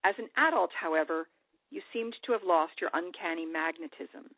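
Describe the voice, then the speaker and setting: A woman author reading her own personal essay aloud in a measured, reflective way. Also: lowish voice, lively intonation, dry recording. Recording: dry, tinny radio broadcast audio.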